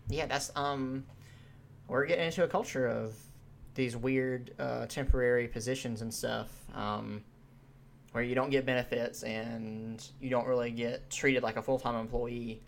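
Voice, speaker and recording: A man's voice: mid-range voice, steady tone, unhurried, creaky, a little hiss or hum. A man co-hosting an amateur podcast, talking politics in a laid-back, hesitant way with many fillers. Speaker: podcast co-host. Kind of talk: casual political chat.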